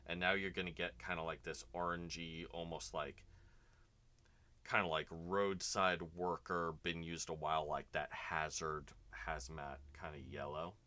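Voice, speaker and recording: Very deep-voiced man chatting while painting. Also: little pitch movement, unhurried, sharp tone. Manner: chatty, rambling, talks to chat while working. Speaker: miniature painter and streamer. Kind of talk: casual narrated painting session.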